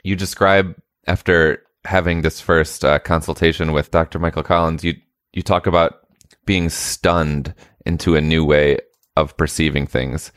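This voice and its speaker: A man interviewing a guest, asking thoughtful, measured questions. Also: rumbling low, fairly even intonation, no room sound, clean studio sound.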